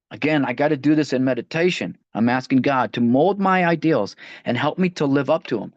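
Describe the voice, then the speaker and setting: Brisk and with few pauses, a man with a lively, mid-range voice leads a recovery book study line by line. He reads passages aloud conversationally, frequently starting phrases again. The lo-fi recording is dull and dry, with no room sound.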